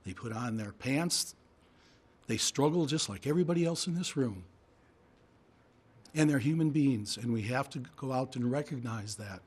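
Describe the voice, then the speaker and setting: A man speaks at a podium microphone in a public hearing room. His voice is hoarse and husky from a voice that is giving out. He argues with emphatic, indignant force and piles up rhetorical questions. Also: medium pitch, lively intonation, moderate pace, pauses often, darkish tone.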